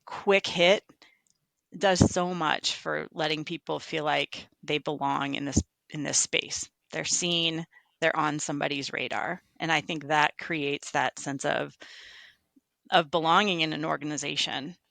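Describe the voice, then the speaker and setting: A woman's voice: deep voice, unhurried, gravelly, dry recording. A woman, a construction estimator, talking reflectively in a casual interview and telling workplace stories. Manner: reflective, animated storytelling. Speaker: podcast guest, construction estimator.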